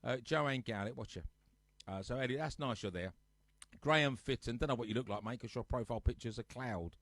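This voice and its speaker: Speaking briskly in a fairly bright mid-range voice, with no echo, a man hosts a live music show from his sofa at home. He keeps it casual with his viewers, reading out what they write and ribbing them.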